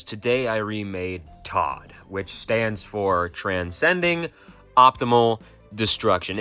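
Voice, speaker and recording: In a fairly low, sharp-toned voice, a young plush maker and video creator talks through a casual vlog. He rambles, makes fun of himself, curses liberally and frequently starts his sentences over.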